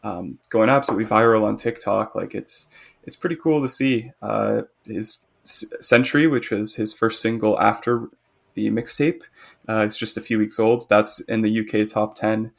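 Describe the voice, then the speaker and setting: A man's voice: on the low side, fairly even intonation, normal speed, creaky. A man co-hosting a podcast in casual chat, talkative and opinionated, with a teasing edge toward his co-host.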